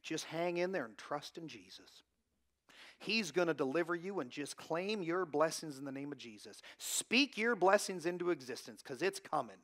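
A man imitating a smooth-talking male prosperity preacher who makes soothing, coaxing promises of blessing, in a voice lower and softer than his own. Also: expressive, normal speed.

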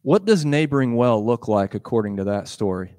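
This pastor's voice sits in the mid range, and he moves at a brisk clip. Preaching in a conversational way, he retells a gospel story and performs its dialogue in voices, staying animated and laughing and using fillers as he goes.

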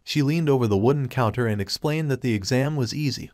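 A man giving a scripted, even third-person narration of a comic story. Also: mid-range voice, fast, dry recording, studio quality. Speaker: recap narrator.

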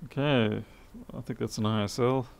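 A man with a gravelly, creaky voice thinks aloud as he works through a circuit board repair. His talk is methodical and half-muttered, like someone narrating his own hands at work. His pitch sits in an ordinary middle range. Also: steady tone, normal speed. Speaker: electronics repair technician. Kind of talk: live repair stream commentary.

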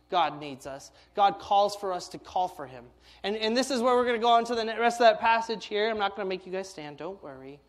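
A young man preaching a sermon as youth pastor, animated and tripping over his words when excited. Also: high voice.

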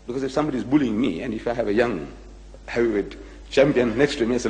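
A man's voice: mid-range voice, fast, darkish tone, long reverb tail, a little hiss or hum. A man telling a story in a lecture and dramatically acting out the people he quotes.

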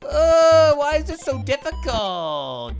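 A woman voicing an excitable cartoon grape who hosts a gaming channel, talking to herself in a jumpy, silly way and repeating phrases. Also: high voice, slow pace, over loud music, exaggerated voice. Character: excitable cartoon grape playing video games. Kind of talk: cartoon let's-play commentary.

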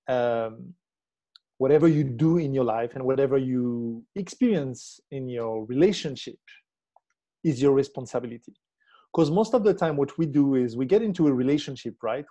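Mellow-voiced man explaining as a coach. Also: medium pitch. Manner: reflective, checks in with tag questions. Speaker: relationship coach. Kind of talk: explanatory interview talk.

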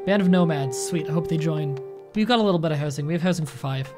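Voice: mid-range voice, quick pace, music in the background. A streamer chatting casually while playing a game, thanking viewers and swearing freely. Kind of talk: casual live-stream chat.

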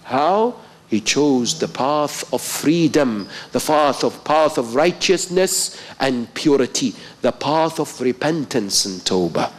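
Give me a man preaching with passion, his pitch swinging up on key words. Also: lively intonation, takes it slowly, hardly any pauses. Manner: impassioned storytelling with rising emphasis. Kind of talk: mourning-night sermon.

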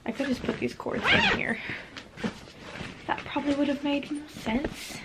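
A woman's voice: high voice, huge pitch swings, unhurried, very noisy. Bubbly chatty young woman vlogger. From Canada. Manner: chatty, bubbly, laughs often. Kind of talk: casual day-in-the-life vlog. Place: home, indoors.

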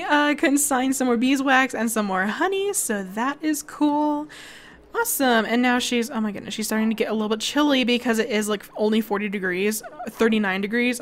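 A woman's voice: mid-range voice, a little hiss or hum. A young woman chatting bubbly through a life-sim game as a let's play host, laughing and exclaiming often. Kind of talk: casual gameplay commentary.

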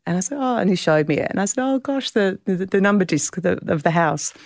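An Australian woman in her fifties, a guest author telling a tender personal story with halting restarts. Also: medium pitch, expressive, gravelly, no room sound, clean studio sound. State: tearful at times.

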